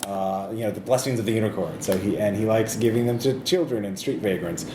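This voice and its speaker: A man's voice: lowish voice, fairly quick. A man hosting a casual group podcast, talking in a meandering, hesitant way and often correcting himself. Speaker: podcast host. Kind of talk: casual group chat about a tabletop campaign. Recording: echoey room with clear background noise.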